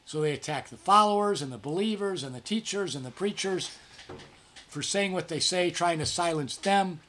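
A man with a slightly raised pitch teaches through scripture as a pastor, in a relaxed, conversational devotional manner. He keeps checking in with his listeners and animates the quoted lines of the story. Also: moderate pace, slight background noise. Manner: conversational, frequent "okay?" check-ins; acts out quoted speech with livelier pitch.

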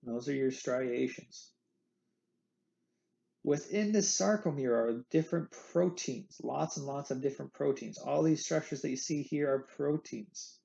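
A man's voice: medium pitch, measured pace, vocal fry, mellow, highs cut off. A man teaching an anatomy lecture in a playful way, repeating the key terms. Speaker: anatomy instructor. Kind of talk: recorded lecture.

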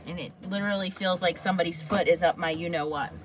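A woman's voice: lowish voice, fairly even intonation, fast, a little hiss or hum. A woman hosting a crafting livestream, chatting casually and answering viewers' comments by name.

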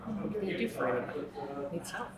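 A woman's voice: on the low side, expressive, fast. A woman talks with conviction and tags many of her points with "right?". She slips into mocking impressions of the people she quotes. The sound is roomy and echoey, with a crowd audible behind her. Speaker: speaker. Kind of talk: impassioned talk.

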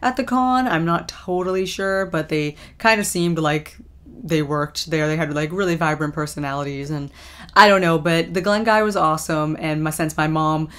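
A young woman vlogger chatting casually through a recap, rambling with lots of ums and likes and quick laughs. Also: low voice, fairly bright tone, clean tone.

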